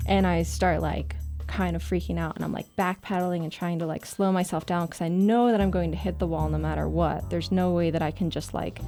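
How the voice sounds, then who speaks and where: A woman writer telling a personal adventure story in a casual, animated way, laughing often and filling with "like". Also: on the low side, brisk, few pauses, faint music behind. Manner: lively, breathless retelling with laughs and "like" fillers.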